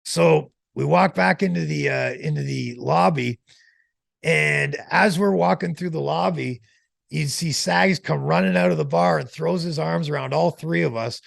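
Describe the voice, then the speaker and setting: Guy telling a wild story in an interview, really gravelly, dry close sound. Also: on the high side, a little slow, dry recording. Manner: animated anecdote-telling, slangy. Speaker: interview guest.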